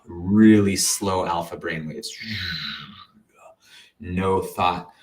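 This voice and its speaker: A man telling an earnest personal story in a casual way, animated and full of sound-effect words, sometimes dropping to a soft near-whisper. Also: low voice, extremely slow, rough recording. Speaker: meditation teacher.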